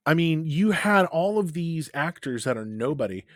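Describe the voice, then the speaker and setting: A man's voice: a little high, big pitch swings, normal speed, no echo, clean studio sound. A man co-hosting a podcast, chatting enthusiastically about movies, swearing and gushing. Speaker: podcast co-host. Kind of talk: casual chat.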